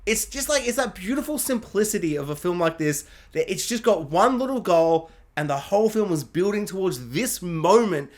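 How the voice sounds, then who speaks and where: Gushing, high-voiced young man reviewing films. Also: lively intonation, moderate pace, few pauses. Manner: gushing and rambling, with laughs and mimicked sound effects. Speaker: film reviewer. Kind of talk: casual video review monologue.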